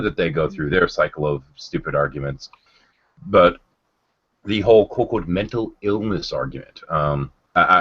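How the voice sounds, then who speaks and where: A man's voice: deep voice, fairly bright tone, husky. A man hosting a casual livestream chat, rambling and sardonic, with lots of ums and restarts. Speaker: livestream host. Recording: dull lo-fi stream audio.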